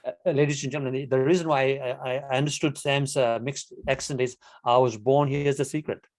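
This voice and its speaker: A man from Kenya hosts an online club meeting over a video call. He talks in a friendly, chatty way and often stutters over repeated words. His voice sits in a middle pitch with a dry, close sound. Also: steady tone, fairly quick, a little mellow, dry recording. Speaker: meeting host. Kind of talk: casual video-call hosting.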